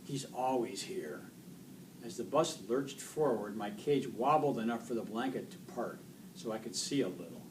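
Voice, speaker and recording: A man reading a children's book aloud in an expressive storytelling voice. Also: mid-range voice, normal speed. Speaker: reader. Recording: distant mic, faint noise.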